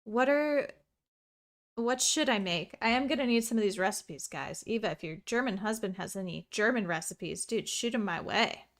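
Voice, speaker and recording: A woman streamer giving chatty, excitable let's play commentary full of rambling asides. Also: medium pitch, moderate pace.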